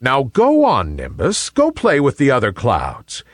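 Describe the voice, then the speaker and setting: A man voicing a wise, kindly male sun in a children's story, speaking gently and in a measured way. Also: mid-range voice, huge pitch swings, no room sound, studio quality. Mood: gentle.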